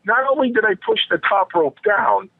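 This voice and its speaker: An older man, a retired wrestler, telling animated backstage stories as a podcast guest, talking to the hosts as "guys" and repeating his phrases for effect. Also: high voice, moderate pace, no echo. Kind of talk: anecdotal storytelling. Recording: tinny phone line, dry.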